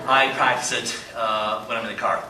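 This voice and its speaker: A man's voice: mid-range voice, fairly even intonation, moderate pace. Man giving an admiring tribute in a church hall. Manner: admiring, self-deprecating, soft trailing phrases. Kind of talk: tribute speech to an audience. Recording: echoey hall, distant mic, loud noise.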